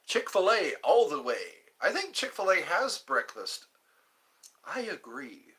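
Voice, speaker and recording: A man hosting a casual livestream from home, chatting in a rambling, animated way and reading viewer comments aloud. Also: takes it slowly. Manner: chatty, rambling, animated, with pitch leaps when greeting viewers. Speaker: livestream host.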